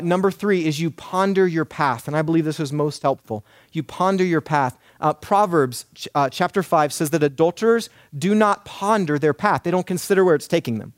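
Pastor type, man in his thirties, earnest emphatic sermon delivery, slightly high pitch, dry close sound. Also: dry recording. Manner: earnest, emphatic preaching with repeated lists.

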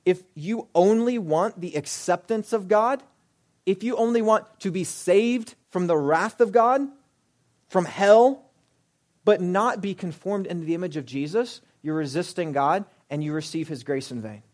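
Young guy preaching, high voice, keeps firing rhetorical questions, loud then hushed. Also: unhurried. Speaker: pastor. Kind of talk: sermon.

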